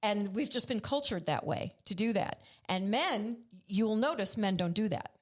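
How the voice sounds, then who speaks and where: Woman, mid pitch, thoughtful and explanatory, podcast chat. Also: lively intonation, moderate pace. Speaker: podcast co-host. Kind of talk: casual conversation.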